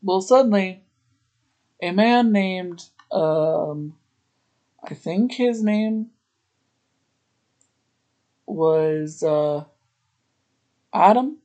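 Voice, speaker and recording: A podcast host retelling a TV episode in a casual, meandering way, stopping for chatty asides. The delivery is slow and unhurried, with a voice in the middle of the range. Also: mid-range voice, lively intonation, mellow.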